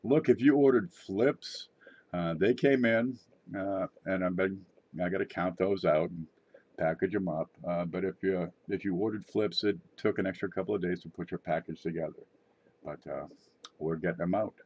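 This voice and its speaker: A man's voice: low voice, fairly even intonation, moderate pace, darkish tone. A middle-aged man hosting his own channel, rambling and joking in a casual monologue. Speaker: channel host.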